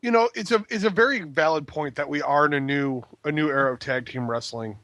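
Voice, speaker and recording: A man's voice: on the high side, brisk, a bit bright, no echo. A man co-hosting a podcast, talking casually with stops and restarts. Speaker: podcast co-host.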